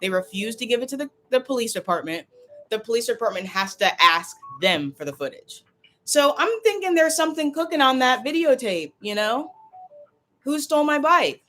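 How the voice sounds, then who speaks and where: A woman's voice: on the high side, expressive, moderate pace, a bit bright. A woman vlogger talking casually and tearfully to a livestream, upset and rambling, often repeating herself.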